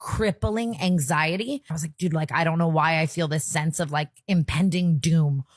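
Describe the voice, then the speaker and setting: A woman's voice: low voice, normal speed, dry recording. A young woman in her twenties hosting a podcast, telling a painful family story in casual chat, close to tears and heavy on fillers. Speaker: podcast host.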